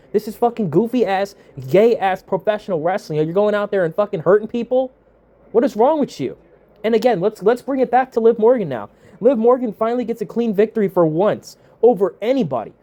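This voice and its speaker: A man's voice: high-pitched, a little fast, mellow. A young man ranting with heated, profane exasperation as the host of a wrestling review. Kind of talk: ranting commentary.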